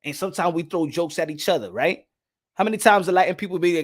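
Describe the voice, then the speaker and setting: A man's voice: a little high, fast talker. A man from New York with a New York accent, talking in a loose, profane, laughing monologue as a boxing channel host. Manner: loose, swearing, laughing often.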